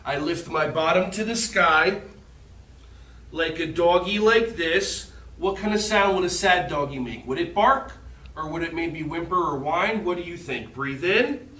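A man with a high, bright voice guides children through yoga poses at an unhurried pace, coaxing and playful. He sounds some way from the microphone in an echoey room. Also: recorded from a distance. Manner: playful, coaxing instructions with call-outs. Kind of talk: guided movement lesson for children.

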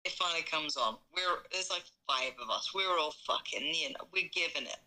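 A woman's voice: sits low, lively intonation, brisk, bright, forceful tone. A woman telling a rambling, sweary story over speakerphone. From Britain. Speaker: caller.

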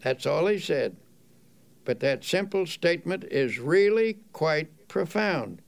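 A man narrates a self-help audiobook at an unhurried, slow pace, his voice fairly high for a man and carrying a gravelly edge. Under the grit the tone stays smooth and resonant. He reads earnestly and deliberately, leaning on the key words. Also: lively intonation.

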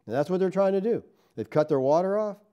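A man preaching a sermon as pastor, animated, tossing rhetorical questions to his congregation and swinging between loud emphatic lines and low asides. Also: fast, muffled recording.

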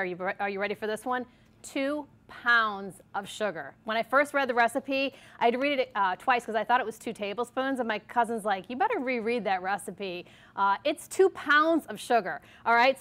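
A woman's voice: a little high, fairly bright tone. A woman from Arkansas hosting a TV cooking segment, chatty and jokey as she mixes a recipe on a studio kitchen set. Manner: bubbly, jokey, talks to camera while mixing.

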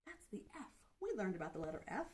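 A woman preschool teacher leading a phonics lesson in a bright, encouraging, sing-song teacher voice. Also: mid-range voice, big pitch swings, fast talker. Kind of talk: children's lesson.

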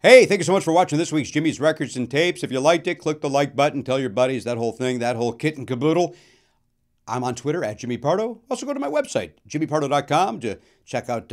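A man in his fifties, a comedian and show host, telling a comic story with sudden loud outbursts and quick asides. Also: mid-range voice, expressive.

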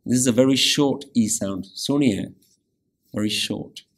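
A man teaching a weekly scripture class, patiently explaining meanings and repeating words slowly to show how they are pronounced, often checking in with "yeah?". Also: medium pitch. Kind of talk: scripture lecture.

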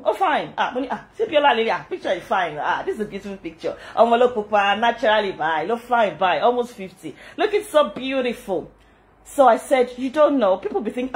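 A middle-aged Nigerian woman with a Yoruba-inflected accent speaks in a casual vlog, her voice pitched a little high. She talks with animated indignation, firing off rhetorical questions and breaking into frequent laughter. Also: fast. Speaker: channel host.

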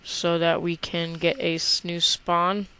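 A woman's voice: fairly low pitch, slow, clean tone. A woman giving casual, chatty commentary as she plays a video game and talks to herself. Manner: relaxed, chatty, talks to herself while playing. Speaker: gameplay video host.

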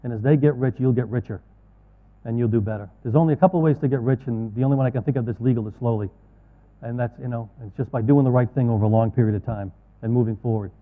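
A man's voice: mid-range voice, fast. Guy on stage, folksy talk, tinny phone-ish sound, big echoey hall. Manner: folksy, earnest, storytelling with asides. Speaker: conference speaker. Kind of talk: keynote talk to financial advisors. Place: large conference hall.

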